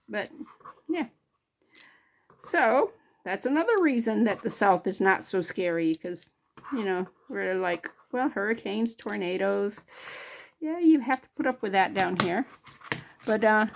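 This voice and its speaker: A woman's voice: medium pitch, a little hiss or hum. Chatty woman rambling while crafting. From northern New York. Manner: rambling and homey, many fillers. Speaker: jewelry crafting channel host.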